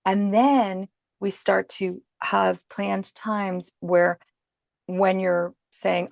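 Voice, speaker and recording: Calm, gravelly woman giving parenting advice. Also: mid-range voice, takes it slowly, dry recording, clean studio sound. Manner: calm, instructive, explains patiently. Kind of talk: podcast interview advice.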